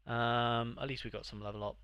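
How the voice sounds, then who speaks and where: A man's voice: mid-range voice, level tone, brisk, fairly bright tone, smooth, dry recording. A young man streaming live, rambling and sarcastically mocking himself as he chats. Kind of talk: live gaming stream chat.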